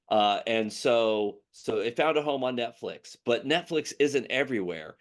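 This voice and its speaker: A man's voice: medium pitch, normal speed, few pauses. A man hosting a casual news chat, talking in a rambling way with many fillers and restarts. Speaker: podcast host.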